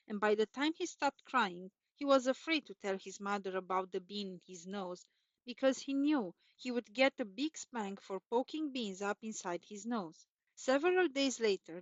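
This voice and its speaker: A woman's voice: mid-range voice, dry recording. Woman reading a children's story aloud. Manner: lilting, repetitive storytelling. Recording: dull, dry recording.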